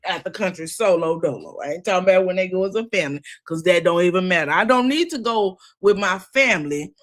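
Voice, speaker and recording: A middle-aged woman hosting a recap show, chatting casually and with sass. She talks straight to her viewers and laughs often. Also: mid-range voice. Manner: sassy, animated, quick to laugh. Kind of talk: casual opinionated chat.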